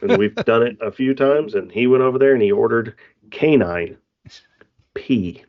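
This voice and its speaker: A man's voice: medium pitch, normal speed. A man co-hosting a podcast, telling a story in a laid-back casual chat and laughing often. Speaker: podcast co-host. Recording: dull lo-fi sound.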